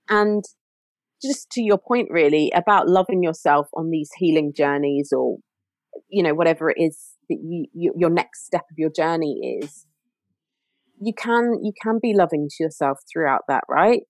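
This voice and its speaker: A woman with a deep voice appears as a podcast guest, speaking at a moderate pace in a casual chat with no room sound. She's earnest and reflective, frequently restarting her sentences.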